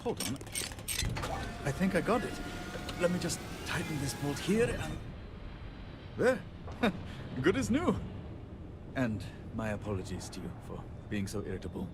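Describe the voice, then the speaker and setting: Cranky handyman, video game dialogue, lowish voice, wry and joking. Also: quick pace, creaky, hardly any pauses, heavy background noise. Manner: wry, joking, self-deprecating. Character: irritable self-deprecating male handyman, joking.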